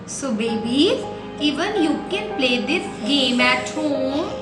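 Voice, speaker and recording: Slow, high-voiced nursery teacher. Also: female voice, animated, music in the background. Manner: patient, coaxing, repeats simple instructions. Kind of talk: slow, sing-song teaching to small children. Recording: echoey room.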